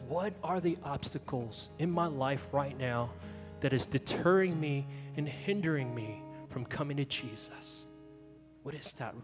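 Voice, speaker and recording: A man's voice: mid-range voice, lively intonation, measured pace. A man preaching a sermon as pastor, earnest and pleading, leading the church in prayer. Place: church hall. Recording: long reverb with soft guitar music behind.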